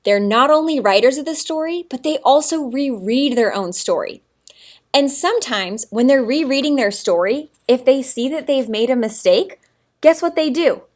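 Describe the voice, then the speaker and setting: High, sing-song woman teaching small kids. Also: expressive, normal speed. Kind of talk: recorded remote classroom lesson for young children.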